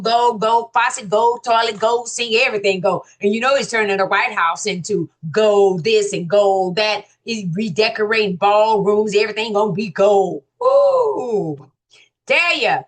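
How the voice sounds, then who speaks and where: Lively woman hosting a commentary show. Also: medium pitch. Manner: animated, folksy, exclaims "ooh" and teases commenters. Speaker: host reading viewer comments. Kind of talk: casual commentary on news comments.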